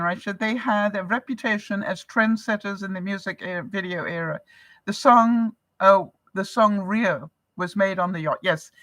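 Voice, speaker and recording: A woman's voice: mid-range voice, fairly bright tone, dry recording. An older woman from Canada, a vlogger chatting casually with her viewers, laughing often and asking rhetorical questions. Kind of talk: casual livestream chat.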